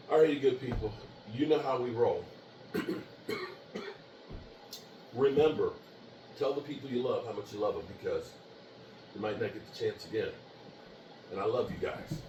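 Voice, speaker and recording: A man hosting his own podcast, ranting animatedly and taunting rival fans in a loud, fired-up sports rant. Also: medium pitch, normal speed, pauses often, recorded from a distance, dull audio, noisy background. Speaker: podcast host. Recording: echoey room, voice off-mic, faint ambience.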